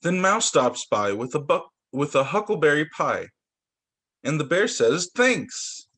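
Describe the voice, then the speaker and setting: A male teacher reading picture books aloud to children over a video call, animated and expressive. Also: fairly high pitch, measured pace.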